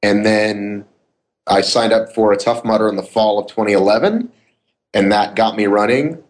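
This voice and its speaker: A man speaking as a guest on a podcast, joking and easygoing. His voice sits fairly low, and he often starts sentences with a stumble before finding his way. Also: normal speed. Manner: joking, loose, hesitant starts. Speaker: interview guest. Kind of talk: casual interview chat.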